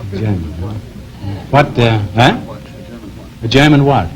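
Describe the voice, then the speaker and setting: A middle-aged man hosting a comedy quiz show, teasing his contestants with quick quips and trailing "huh?" tags. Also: medium pitch, expressive, crowd noise, poor audio. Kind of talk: wisecracking quiz show banter. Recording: hissy 1949 broadcast recording.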